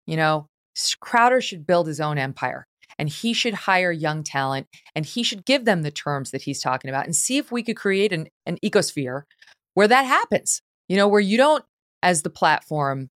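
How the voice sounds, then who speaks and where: A middle-aged woman hosting a talk podcast, chatting in an animated, opinionated way with quick asides. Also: fairly low pitch, no room sound, clean studio sound. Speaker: podcast host.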